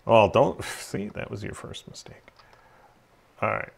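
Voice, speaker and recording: A man's voice: lowish voice, a little slow, creaky, husky, in a whisper. A man chatting casually during a game stream, laughing often and muttering asides. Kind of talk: casual gaming chat.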